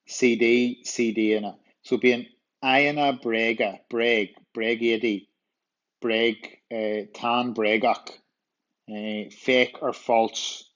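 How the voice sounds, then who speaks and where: A male teacher with a Northern Irish accent, slowly walking students through vocabulary and repeating words to drill them. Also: lowish voice. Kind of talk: walkthrough lesson explaining vocabulary. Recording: dull lo-fi voice recording.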